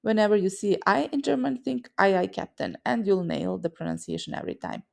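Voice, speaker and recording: A woman's voice: mid-range voice, lively intonation, brisk, gravelly, darkish tone. A woman from a Serbian-speaking region teaching pronunciation in a scripted lesson, explaining sounds with vivid mental images. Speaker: language teacher.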